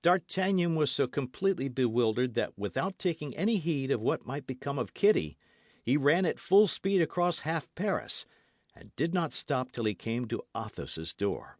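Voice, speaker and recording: Brief: male narrator, lively intonation, dry close studio sound. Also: medium pitch, normal speed, no room sound. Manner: expressive, animated reading. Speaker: audiobook narrator. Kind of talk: scripted narration.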